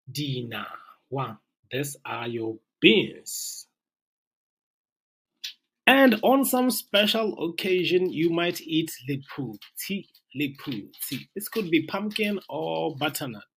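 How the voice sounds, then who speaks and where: Slow, patient teacher. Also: medium pitch, big pitch swings, a bit bright, slightly rough, poor audio. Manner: slow, repeats each word for learners. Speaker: language teacher. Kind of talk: language lesson.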